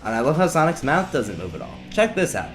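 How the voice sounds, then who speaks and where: A man's voice: a little high, sing-song, brisk. A young man giving rambling, sarcastic commentary over a video game playthrough. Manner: rambling, wry, sarcastic asides. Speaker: let's play commentator. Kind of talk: casual gameplay commentary. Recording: game music playing behind. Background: video game music.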